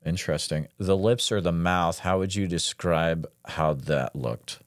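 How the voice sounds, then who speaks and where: A man hosting a podcast, asking methodical, detailed questions and giving soft acknowledgements between them. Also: low voice, a little slow, no echo, clean studio sound. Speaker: podcast host, interviewer. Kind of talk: calm interview questioning.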